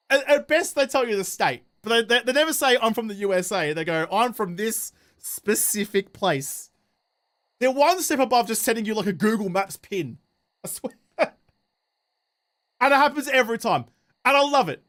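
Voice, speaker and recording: A man with an Australian accent talks to his live-stream audience as he plays, in a casual, rambling, jokey way full of slang and the odd swear. His voice sits fairly high for a man. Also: a bit bright.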